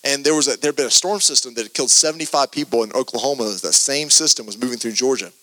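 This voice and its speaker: A man, preaching a sermon and telling a story from his youth, with animated delivery and many repeated starts. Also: mid-range voice, very fast, dry recording.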